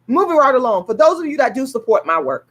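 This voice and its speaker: A woman's voice: high-pitched, big pitch swings, quick pace. A woman ranting on a livestream, heated and indignant, swearing and repeating herself as she promotes her own show. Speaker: YouTube live streamer promoting her own play. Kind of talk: angry livestream rant, then ticket promotion.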